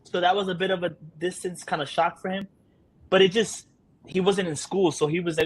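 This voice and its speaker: A man's voice: high voice, steady tone, fairly quick, breathy edge. A man speaking as a guest, a father talking candidly and laughing through his stories in casual conversation.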